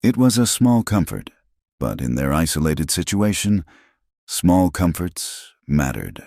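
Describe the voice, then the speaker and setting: A man narrating a western story in a steady, scripted storybook style. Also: low voice, unhurried, gravelly, no room sound, studio quality.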